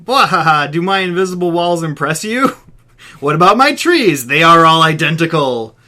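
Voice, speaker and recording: A man voicing an unseen male game master with a booming, whiny, gloating villain voice in a spoken story. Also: big pitch swings, moderate pace, pushed and bright. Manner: theatrical villain gloating, cackling.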